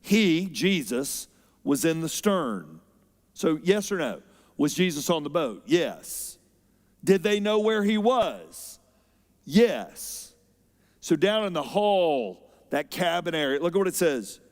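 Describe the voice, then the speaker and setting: A man preaching a sermon as pastor, expressive, moving between loud emphasis and quiet, unhurried stretches. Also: fairly high pitch. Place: church auditorium. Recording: long hall reverb.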